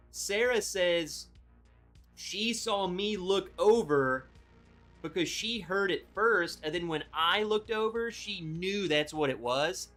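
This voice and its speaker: A man hosting a livestream, telling a story in an animated, excitable way with lots of "like"s. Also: high voice. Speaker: livestream host.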